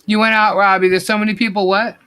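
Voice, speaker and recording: A woman's voice: mid-range voice, little pitch movement, fast talker, a bit bright. Woman co-host for a casual live chat stream; blunt, rambling delivery with plenty of swearing. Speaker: co-host of a livestream. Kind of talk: casual livestream commentary.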